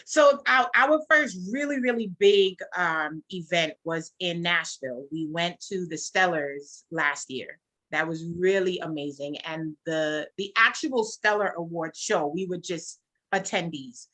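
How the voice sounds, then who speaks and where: A woman's voice: on the low side, unhurried. A woman gospel singer and songwriter, guest in an interview, telling her story earnestly and acting out the conversations she recalls. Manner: earnest, animated storytelling, acts out quoted dialogue. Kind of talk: casual interview, personal testimony.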